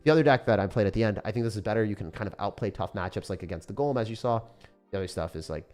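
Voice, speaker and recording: A young man giving rambling, casual commentary on his gameplay, excitable and sometimes swearing. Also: fairly low pitch, rapid-fire, faint music behind. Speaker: gaming YouTuber.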